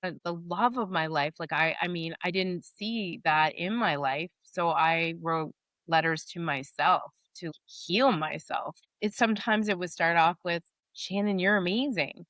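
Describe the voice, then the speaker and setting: A woman's voice: lowish voice, unhurried, fairly bright tone, dry recording. A woman in her forties, a podcast guest, telling her story in a candid, rambling way. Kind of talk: casual interview talk.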